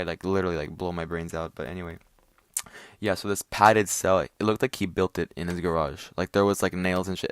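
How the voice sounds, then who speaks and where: A man's voice: lowish voice, vocal fry, no echo, studio quality. A man hosting his own podcast, ranting casually with lots of swearing, fillers and restarts. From Italian family. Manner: profane, rambling, many fillers and restarts. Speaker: podcast host. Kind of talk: casual rant.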